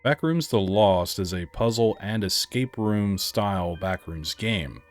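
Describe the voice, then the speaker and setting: Game reviewer: low-voiced young man, sarcastic asides, faint music under. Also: animated, measured pace. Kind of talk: casual let's-play commentary.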